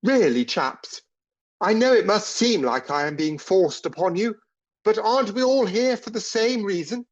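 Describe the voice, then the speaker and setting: A man's voice: sits high, lively intonation, moderate pace, highs cut off. A man playing a chirpy, polite young recruit. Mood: cheerful. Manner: polite, chirpy, old-fashioned phrasing. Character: eager naive young male first-year recruit. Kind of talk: audio comedy acting.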